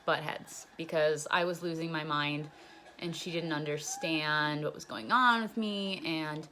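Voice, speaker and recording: A young woman with a low-pitched, sharp-toned voice speaks a little slowly as she tells a personal story about her jail time. Her telling is casual and rambling, packed with swearing and frequent "like"s.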